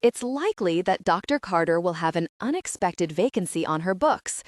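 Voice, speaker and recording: A very posh receptionist answers the phone in a comedy audiobook, as a woman narrator puts her on. She is firm but polite, and her pitch moves a lot. The recording is dry and close. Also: animated, moderate pace, dry recording, natural voice.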